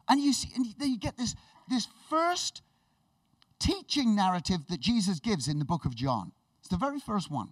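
A man preaching a sermon with enthusiastic, animated storytelling, laughing and restarting as he goes. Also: high voice, moderate pace, no room sound, distant mic.

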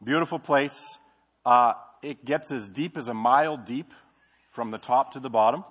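A man's voice: mid-range voice, normal speed, a bit bright, husky. A middle-aged male pastor preaching a sermon in a church, in a conversational way, asking the congregation questions. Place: church sanctuary.

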